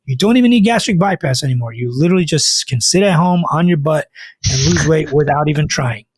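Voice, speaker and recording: A middle-aged man, a cardiologist, talking casually on a podcast in an animated way, often slipping into quoted voices. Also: fairly high pitch, brisk, husky, dry recording.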